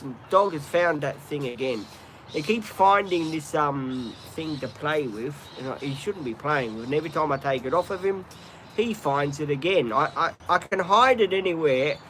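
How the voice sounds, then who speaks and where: A man's voice: fairly high pitch, fairly bright tone, a little hiss or hum. A man hosting a casual live stream at home, rambling with lots of ums and breaking off to talk to his dog. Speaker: livestream host.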